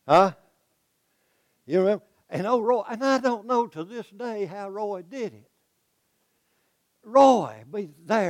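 Folksy older preacher. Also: male voice, sits high, no echo. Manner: folksy, animated storytelling to the congregation. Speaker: pastor. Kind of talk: sermon.

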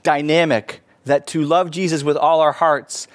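A man preaching a sermon, earnest, rising to emphatic peaks and falling back soft. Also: on the high side, fairly even intonation, unhurried, no echo. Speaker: pastor.

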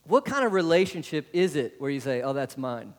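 Brisk and sing-song, this fairly high-pitched pastor delivers his sermon to the congregation. He peppers them with rhetorical questions and tacks on "right?", his voice echoing with long hall reverb in the church sanctuary.

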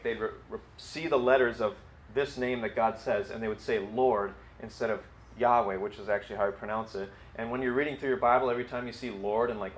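A man's voice: fairly low pitch, echoey room, a little hiss or hum. A man preaching a conversational sermon, acting out dialogue and using frequent fillers. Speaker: pastor.

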